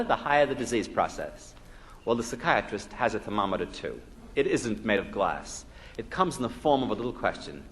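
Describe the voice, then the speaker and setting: A man's voice: mid-range voice, fairly bright tone. A man from the United States giving a humorous live lecture as a psychologist, telling jokes and quizzing his audience with rhetorical questions. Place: lecture hall before an evening audience. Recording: 1961 live lecture LP with hall reverb and faint noise.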